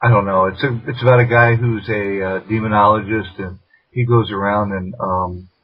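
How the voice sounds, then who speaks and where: A man's voice: on the low side, fairly even intonation, moderate pace. A man co-hosting a podcast in casual chat, playful and theatrical, with a few hesitant fillers. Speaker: podcast co-host. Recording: dull lo-fi podcast audio.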